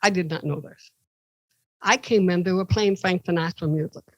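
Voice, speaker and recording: This woman, a podcast guest from Ohio, recounts personal stories in an animated way, acting out other people's voices with big pitch jumps. She speaks at a normal pace; the recording is dry with the highs cut off.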